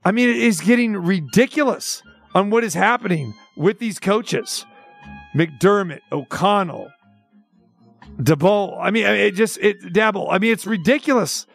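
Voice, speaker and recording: Exasperated high-voiced sports radio host. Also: male voice, a little slow, gravelly, soft background music. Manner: exasperated, sarcastic, rhetorical questions. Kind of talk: opinionated sports talk rant.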